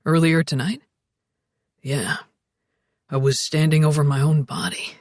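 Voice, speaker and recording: A woman's voice: low-pitched, fairly even intonation, unhurried, darkish tone, dry recording, studio quality, pitched below the performer's own voice. A woman doing a sullen hungover man. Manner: gruff, bitter.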